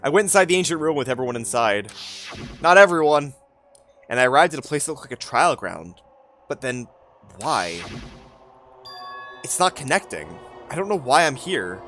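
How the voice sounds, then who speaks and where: A man's voice: medium pitch, big pitch swings, moderate pace, pauses often, fairly bright tone, soft background music. A man voicing an anxious, confused teenage boy student, reading game dialogue aloud in a questioning, nervous way. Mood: puzzled.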